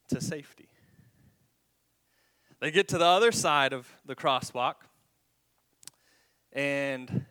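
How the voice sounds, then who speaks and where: Bright-voiced preacher who drops to whispers. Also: male voice, medium pitch, smooth. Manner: stumbling repeats, dramatic drops to a whisper. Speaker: pastor. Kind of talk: sermon.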